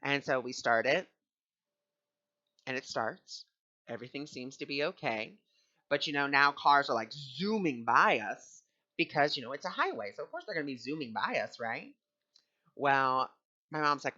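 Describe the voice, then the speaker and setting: A man's voice: mid-range voice, expressive, normal speed, pauses often, sharp tone, lo-fi sound. A man teaching on spiritual ideas and telling a personal story in an earnest, conversational way.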